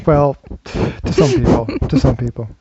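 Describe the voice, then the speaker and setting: A man's voice: medium pitch, muffled recording, very noisy. A Scottish man hosting a podcast in playful, casual chat, joking and slipping into accents. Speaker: podcast host.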